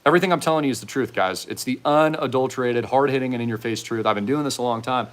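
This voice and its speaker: A man's voice: medium pitch, fast talker. Fervent man preaching a warning. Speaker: host. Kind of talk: commentary monologue.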